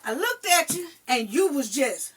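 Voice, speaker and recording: A mother telling a personal story in casual chat, emphatic and animated, swearing now and then. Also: high-pitched, moderate pace, distant mic.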